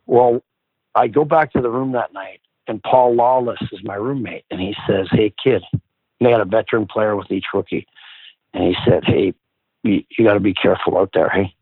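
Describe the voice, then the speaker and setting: A man's voice: fairly low pitch, normal speed, breathy edge, no echo. A middle-aged man and former hockey player, casually telling stories as a guest, swearing freely and acting out the people he quotes. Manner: animated, profane, acts out quoted people. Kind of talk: casual storytelling. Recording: phone-like dry line.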